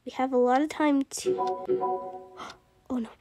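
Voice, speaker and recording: A woman voicing Fluttershy, a timid gentle young female pony, talking through a video game and gasping at every fright. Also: sits high, fairly even intonation, slow pace, faint music behind. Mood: nervous. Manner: easily frightened, gasps and soft exclamations. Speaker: gamer. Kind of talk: playing a video game in character. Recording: constant background noise.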